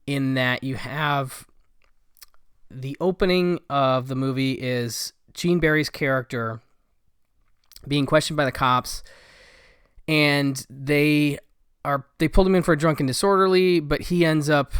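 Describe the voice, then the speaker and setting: Male film reviewer, casual and digressive, smooth resonant tone, dead-dry recording. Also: medium pitch, a little slow, a bit bright, dry recording. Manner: rambling, with many fillers and asides. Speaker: film collector reviewing a Blu-ray set.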